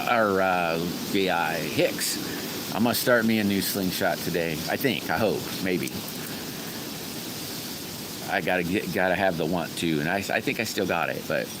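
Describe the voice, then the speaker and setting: A man's voice: low voice, measured pace, long pauses, noisy background. A middle-aged man hosting a casual live stream, rambling in a folksy way and greeting viewers by name. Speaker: livestream host.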